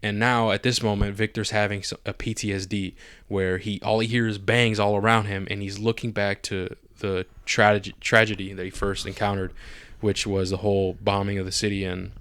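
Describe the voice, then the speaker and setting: A man on a podcast excitedly recapping a TV episode, swearing a lot and acting out the characters' lines. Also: lowish voice, normal speed, clean tone, no echo. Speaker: podcast co-host. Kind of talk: casual chat recapping a TV episode.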